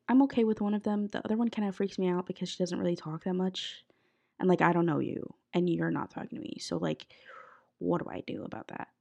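A woman's voice: mid-range voice, vocal fry, warm tone. A young woman hosting a podcast, chatting casually with lots of fillers, a bit sick. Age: young adult. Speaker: podcast host. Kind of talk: casual chat. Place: college apartment bedroom.

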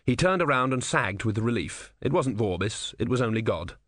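A man's voice: mid-range voice, expressive, normal speed, a bit bright, dry recording, studio quality. A man narrating a comic fantasy novel as an audiobook, reading expressively.

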